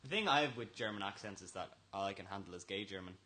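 A man's voice: on the low side, expressive, quick pace, crowd noise. A young Irish man in his late teens co-hosting a podcast, teasing his friends playfully with bursts of laughter. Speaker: podcast co-host. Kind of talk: casual chat among friends.

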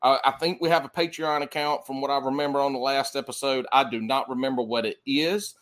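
A man's voice: mid-range voice, fairly even intonation, brisk, a bit bright. A man with a Southern US accent hosting a podcast in loose, joking casual chat, swearing freely. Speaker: podcast host.

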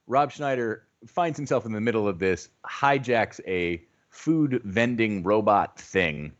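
A man co-hosting a casual movie podcast, playful and quick to laugh. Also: lowish voice, lively intonation, muffled recording. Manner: playful, laughs often, tries silly impressions. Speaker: podcast co-host.

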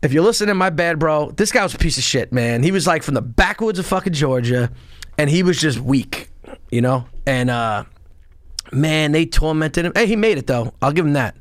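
A man in casual podcast talk, telling profane, animated stories of his past and acting out shouts along the way. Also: a little high, moderate pace, dry recording, clean studio sound. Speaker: podcast guest, former Marine and police officer. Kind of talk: casual storytelling.

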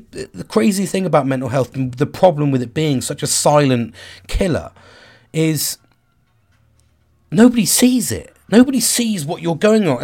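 A man in his forties speaking frankly about his own struggles, swearing freely, restarting sentences and searching for words. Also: a little high. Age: 40s. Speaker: vlogger. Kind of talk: candid personal monologue.

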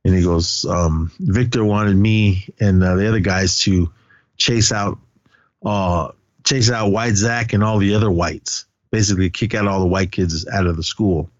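Low-voiced man recapping a movie. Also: a little slow, no room sound, highs cut off. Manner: retells scenes with quoted dialogue and frequent fillers. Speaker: podcast co-host.

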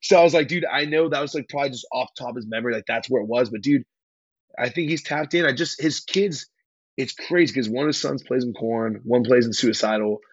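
A young man, a hardcore band singer from California, telling stories in a rambling, slangy, excitable way as a podcast guest. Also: medium pitch, fairly quick, breathy edge, no echo, highs cut off. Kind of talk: casual interview chat.

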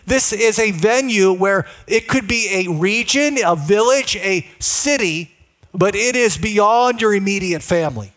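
A man's voice: high voice, lively intonation, measured pace, a bit bright. A male pastor preaching a sermon in a conversational way, often putting questions to the congregation.

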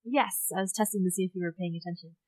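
A woman co-hosting a podcast, recapping a story in animated casual chat, acting out quotes and laughing. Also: fairly low pitch, fast, a loud crowd, rough recording. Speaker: podcast co-host.

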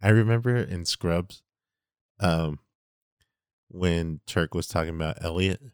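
A man with a very deep voice rambles through casual stories, heavy on slang and filler "like". His voice sounds dry and close, with no room around it. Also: slow, clear, resonant tone, dry recording. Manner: rambling, slangy storytelling with lots of "like". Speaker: podcast co-host. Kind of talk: casual chat.

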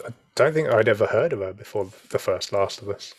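A man co-hosting a podcast, chatting calmly in brief remarks. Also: on the low side, a little fast, breathy edge. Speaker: podcast co-host. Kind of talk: casual chat.

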